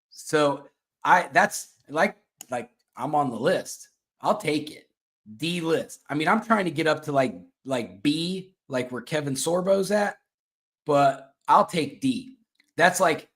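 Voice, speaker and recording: A man's voice: fairly high pitch, a bit bright. Male host, casual chat show, self-mocking, rambling delivery with fillers.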